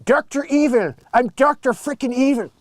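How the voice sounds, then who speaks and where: A man's voice: very high-pitched, moderate pace, dry recording, voice pushed up. A man voicing an exaggerated cartoon supervillain with a raised, showy comic delivery. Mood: boastful. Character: cackling male cartoon supervillain.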